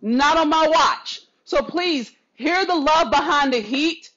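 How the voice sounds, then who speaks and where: A woman's voice: high-pitched, slow pace, fairly bright tone, dull audio. A woman vlogger giving an impassioned, preachy rant to camera, swearing freely and telling viewers she loves them. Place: not at home.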